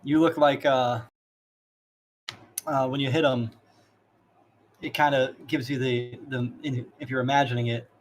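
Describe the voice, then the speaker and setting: A man's voice: medium pitch, little pitch movement, measured pace, long pauses. A man narrating a tabletop game as dungeon master, rambling with laughing asides.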